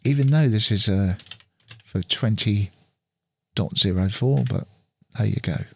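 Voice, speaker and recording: A man's voice: on the low side, measured pace, creaky, a little mellow, no echo. A man chatting casually as he walks through a computer setup on screen, thinking aloud as he works, recorded on a studio mic through an audio interface. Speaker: channel host.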